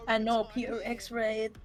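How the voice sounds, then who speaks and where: A woman's voice: fairly high pitch, slow pace, soft background music. A woman watching an esports match with a friend, with frequent nervous exclamations and a lot of laughter. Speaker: co-streamer. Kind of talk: casual esports co-watching chat.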